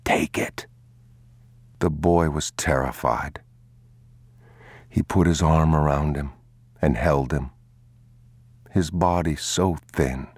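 A man reading a story aloud in a slow, grave, hushed manner. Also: extremely low pitch, steady tone, husky, no room sound. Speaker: narrator. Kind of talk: audiobook narration.

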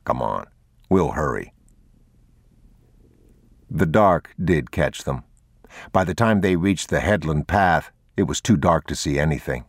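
A male narrator reading a novel aloud with a very deep, low voice and a measured, even pace. The recording is close and completely dry, with no room sound around it. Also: no echo. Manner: measured, unhurried, even delivery. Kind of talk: scripted audiobook narration.

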